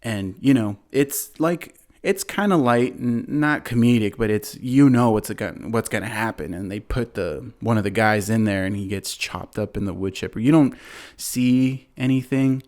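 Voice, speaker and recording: A man hosting a podcast, casually retelling a movie plot in a rambling way, full of fillers and quick laughs. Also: lowish voice, a little mellow. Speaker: podcast host.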